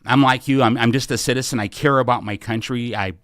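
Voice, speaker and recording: A man's voice: medium pitch, fairly even intonation, quick pace, a bit bright, no room sound. A fervent middle-aged American man speaks in a mid-range voice, pressing his audience with repeated calls to action. The sound is dry and close, with almost no room around him. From United States. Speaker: podcast host and political candidate. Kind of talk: live podcast Q&A, rallying appeal.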